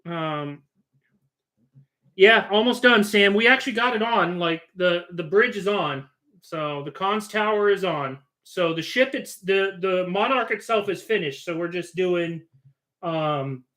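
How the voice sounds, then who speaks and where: Chatty bright-voiced father on a live stream. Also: sits high, moderate pace. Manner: rambling and joking, with frequent restarts. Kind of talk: casual live stream chat.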